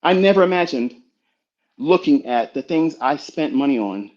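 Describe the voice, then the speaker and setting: With lively intonation at normal speed, a middle-aged trading mentor gives a blunt motivational lecture laced with profanity and rhetorical questions. His voice sits on the high side and is a little mellow. The sound is dull and lo-fi.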